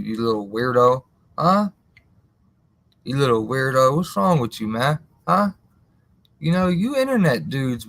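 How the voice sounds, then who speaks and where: A man's voice: mid-range voice, no room sound. A man hosting a live stream in casual, slangy talk, rambling and answering viewers in the chat by name.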